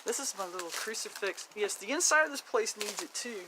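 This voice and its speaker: A woman's voice: mid-range voice, expressive, fairly quick, noisy background. A woman giving a casual walking tour of her home garden, chatty and rambling, blunt, with mild swearing and frequent laughter.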